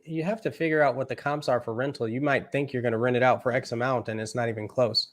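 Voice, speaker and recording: A man co-hosting a casual real estate chat, explaining practical points in a measured, advisory way. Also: medium pitch, steady tone. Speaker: co-host.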